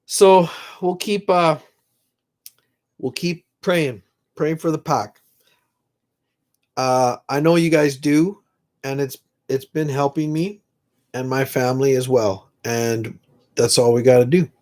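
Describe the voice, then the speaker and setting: Slow-talking, rambling man on a livestream. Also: medium pitch, steady tone, darkish tone. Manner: slow, rambling, emotional, prays aloud with viewers. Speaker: livestream host. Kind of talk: casual live chat reading comments.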